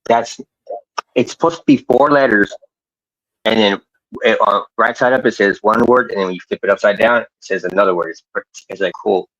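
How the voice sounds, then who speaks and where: Male caller, low and husky, dry and dull-sounding audio, halting and rambling. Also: a bit bright, dry recording. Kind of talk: casual chat.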